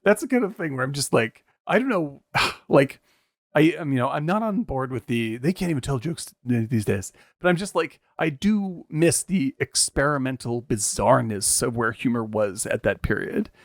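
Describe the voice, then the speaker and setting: A man with a gravelly, creaky voice chatting on a movie podcast. He rambles through his thoughts, laughs easily and swears freely. The sound is dry and close. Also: medium pitch, expressive, normal speed, no echo. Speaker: podcast co-host. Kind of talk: casual movie podcast chat.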